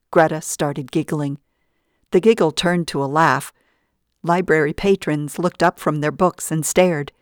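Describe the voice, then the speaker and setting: A woman reading a first-person story aloud with measured, even storytelling. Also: sits low, dry recording, studio quality. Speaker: audiobook narrator. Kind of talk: first-person audiobook narration.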